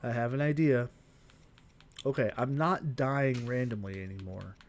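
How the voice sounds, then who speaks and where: A man's voice: mid-range voice, a little slow, slight background noise. A young adult man streaming a game live, chatting to his viewers and thinking aloud while he plays. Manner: thinks aloud while playing and reading chat. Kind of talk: live gameplay commentary.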